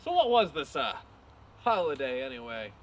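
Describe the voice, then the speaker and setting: A man's voice: mid-range voice, sing-song, normal speed, very noisy, natural voice. A man acting a pompous, petty corporate boss in a comedic audio drama. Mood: condescending. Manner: pompous, ranting, theatrical. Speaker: company boss. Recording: music playing under the voice.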